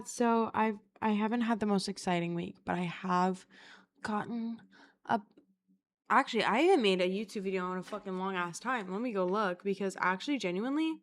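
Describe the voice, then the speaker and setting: Crude, rambling young woman vlogger. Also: mid-range voice. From Florida, USA. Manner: chatty, crude, swears a lot, self-mocking. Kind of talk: casual rambling storytime.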